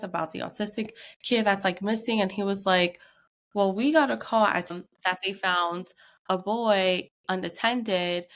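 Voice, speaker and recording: A woman's voice: mid-range voice, a bit bright. A young woman co-hosting a podcast, emotionally retelling a tense story with lots of fillers. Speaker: podcast co-host. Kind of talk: casual storytelling.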